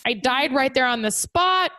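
A woman's voice: high voice, animated, normal speed, bright, forceful tone, no echo. A woman in her thirties co-hosting a casual podcast, telling stories animatedly and acting out her child's voice. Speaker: podcast co-host. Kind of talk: casual chat.

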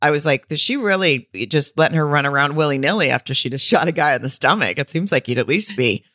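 Animated woman mimicking movie characters. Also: fast, no room sound, clean studio sound. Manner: laughs often, acts out quotes with big pitch swings. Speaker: podcast co-host. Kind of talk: casual chat recapping a movie.

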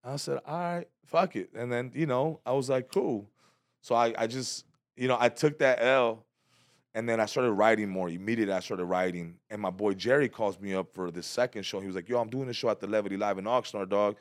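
A man's voice: lowish voice, brisk, no room sound, clean studio sound. A man in his thirties, a stand-up comedian, telling a story in casual, profane chat and acting out other people's voices.

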